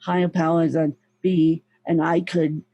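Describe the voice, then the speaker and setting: A woman's voice: low-pitched, level tone, a little slow, warm tone, no echo, muffled recording. A woman guest, a podcast host and author, telling her story in a casual, emotional and repetitive way. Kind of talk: casual interview talk.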